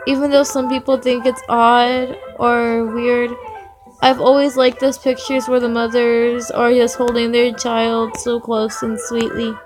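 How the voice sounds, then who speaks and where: A woman with a high voice talks slowly and earnestly to her viewers while she draws, sharing things in a confiding tone. Music plays clearly behind her. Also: little pitch movement. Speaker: livestreamer drawing while chatting. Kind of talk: casual livestream chat. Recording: music in the background. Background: music playing.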